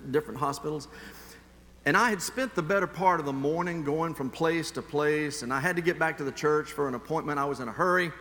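A male pastor delivers his sermon in a bright, fairly high voice. He moves between slow, weighty phrases and quick, chatty asides as he tells a story from his own life. His words ring out with a long church-hall reverb. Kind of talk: sermon with personal anecdote.

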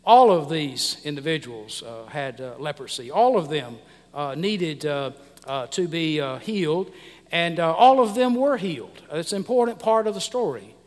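A middle-aged American pastor preaches in a somewhat high voice, pausing often on fillers and restarting his phrases. His words ring out with the long reverb of a large hall. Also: animated, a little mellow. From United States. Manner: halting, many "uh" fillers and restarts. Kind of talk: sermon.

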